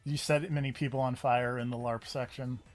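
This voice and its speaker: A man's voice: medium pitch, little pitch movement, a little fast. A man playing a game on stream, chatting casually and often stumbling over his words. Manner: hesitant, stumbles and repeats words. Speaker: let's play player. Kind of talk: casual gaming chat. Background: faint game music.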